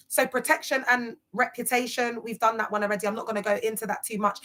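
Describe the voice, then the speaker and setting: Bright-voiced London woman, slangy and emphatic. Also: on the high side. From West London. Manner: emphatic street slang, rhetorical questions. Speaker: commentator on church cults. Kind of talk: casual vlog commentary.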